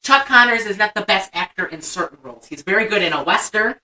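A woman's voice: mid-range voice, animated, fast talker, sharp tone, distant mic, rough recording. A young woman co-hosting a casual chat, animatedly retelling a movie scene and acting out the lines. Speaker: podcast co-host.

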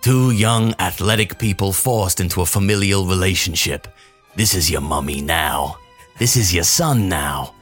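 Deep, low-pitched, smug Canadian mob boss put on by a man, slow and menacing, comic monologue, faint music under. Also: fairly bright tone, husky, heavily acted. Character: pompous billionaire team owner, older man, mob-boss voice.

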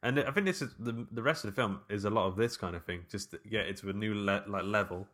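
A man's voice: lowish voice, fast talker, fairly bright tone. A man co-hosting a casual film commentary chat, rambling with fillers and frequent laughter. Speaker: podcast co-host.

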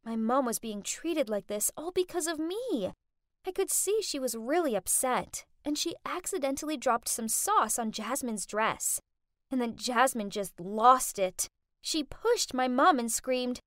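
A woman narrating a dramatic first-person tale, her high voice swinging widely with feeling. The delivery is theatrical and scripted. The sound is close and dry, with no room around it. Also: measured pace, no echo. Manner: dramatic, expressive storytelling. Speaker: storyteller.

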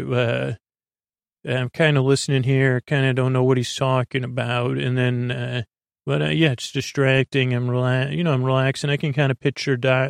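Rambling gravelly-voiced man hosting a sleep podcast. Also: medium pitch, no room sound, clean studio sound. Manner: meandering, self-interrupting, goofy digressions. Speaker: podcast host. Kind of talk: rambling bedtime podcast monologue.

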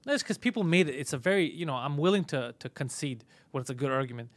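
A man's voice: fairly high pitch, expressive, fast, no room sound. A man hosting a podcast in casual chat, laid-back and self-mocking, swearing freely. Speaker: podcast host.

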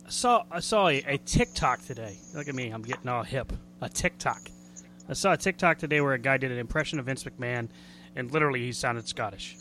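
A man's voice: medium pitch, animated, brisk, sharp tone, slight background noise. A man hosting a wrestling radio show, chatting casually in a jokey, rambling way and laughing easily. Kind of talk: casual chat.

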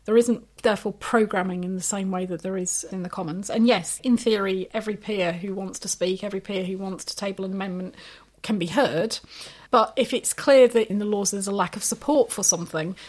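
A woman's voice: mid-range voice, fairly quick, darkish tone. A woman co-hosting a podcast, explaining procedure in a knowledgeable, chatty way. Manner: knowledgeable, chatty, frequent 'you know'. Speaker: podcast co-host. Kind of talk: explanatory chat.

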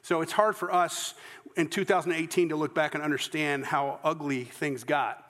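A man's voice: fairly high pitch, steady tone, moderate pace, a bit bright, big-room sound. A man with a Southern US accent preaching a sermon as pastor. He tells stories earnestly and often restarts his sentences. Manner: storytelling, earnest, with false starts.

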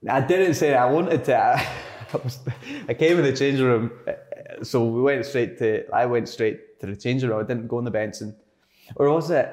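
A young Scottish footballer, interviewed as a guest, chats at an ordinary middle pitch with a darkish tone. His storytelling is casual and rambling, full of fillers and quick self-corrections.

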